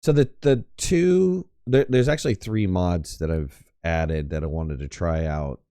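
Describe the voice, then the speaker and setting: A man's voice: low-pitched, measured pace, dark tone, clean tone, no echo. A man hosting a live gaming stream, chatting in a rambling, hesitant way with lots of fillers and restarts. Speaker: game streamer host. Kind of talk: casual live-stream chat while gaming.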